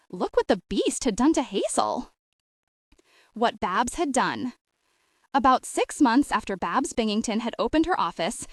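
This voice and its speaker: A woman narrating an audiobook novel with expressive, lively storytelling. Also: on the high side, dry recording, studio quality. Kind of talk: scripted narration.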